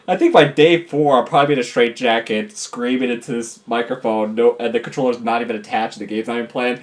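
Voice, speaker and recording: Man, casual game commentary, goofy, animated pitch, talks to the screen. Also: fast. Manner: goofy, talks and yells at his virtual pets. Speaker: gameplay commentator.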